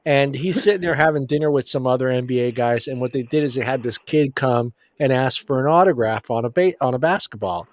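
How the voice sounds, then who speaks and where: A man's voice: mid-range voice, brisk, hardly any pauses, no echo. A man co-hosting a casual sports chat show, telling long rambling stories and swearing casually. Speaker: podcast co-host.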